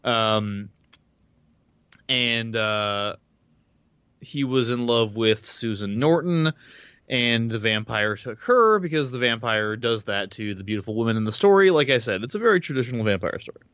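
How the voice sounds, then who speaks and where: A man at a medium pitch chats loosely on a podcast, recapping a book with plenty of restarts and the odd swear word. The sound is dry and a little dull, like a modest home mic setup. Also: expressive, moderate pace, fairly bright tone, clear, resonant tone, dry recording. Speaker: podcast co-host. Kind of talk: casual chat recapping a book.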